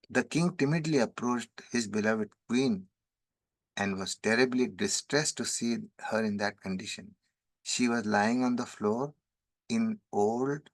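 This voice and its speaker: A man's voice: lowish voice, fairly bright tone, dry recording. Man chanting verses and explaining them. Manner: chants verses rapidly, then explains in measured English. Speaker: spiritual teacher. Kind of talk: scripture commentary.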